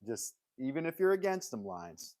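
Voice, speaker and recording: A man's voice: medium pitch, big pitch swings, normal speed, mellow, no echo. A man hosting a casual live stream from his workshop, joking and rambling as he talks straight to his viewers, laughing often. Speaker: livestream host. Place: home woodworking workshop.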